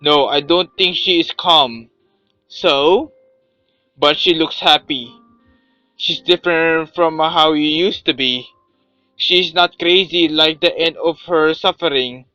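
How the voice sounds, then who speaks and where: A man voicing a calm, grave male servant who speaks in low, measured tones. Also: clean tone, no room sound, dull audio, faint music behind. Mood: solemn.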